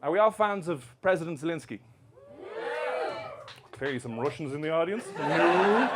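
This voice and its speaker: A man doing stand-up in a comedy club, teasing the audience with brash, sweary jokes. His voice sits a little high for a man. The live recording carries clear crowd noise around him. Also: expressive, moderate pace, long pauses. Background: crowd laughter.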